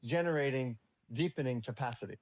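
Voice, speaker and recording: A man's voice: mid-range voice, brisk. A man talking as a podcast guest in casual conversation, blunt and profane, telling stories with energy. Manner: blunt and profane, lively storytelling.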